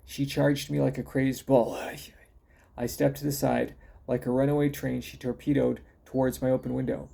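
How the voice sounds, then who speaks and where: A man's voice: medium pitch, little pitch movement, normal speed, creaky, warm tone. A man reading his own detective story aloud, with a wry, folksy manner.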